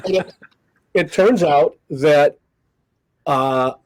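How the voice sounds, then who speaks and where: An older man sits in for a podcast chat as a guest comedy magician, spinning animated anecdotes and slipping into voices for the people he quotes. His voice sits a bit high for a man, and the sound is dry and close with no room around it. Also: extremely slow, dry recording, poor audio. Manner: animated raconteur who acts out quoted people. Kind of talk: casual storytelling interview.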